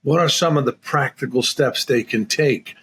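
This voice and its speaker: A man's voice: medium pitch, normal speed, fairly bright tone, a little hiss or hum. A man hosting a podcast, asking rambling questions packed with fillers. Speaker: podcast host. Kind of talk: conversational podcast interview.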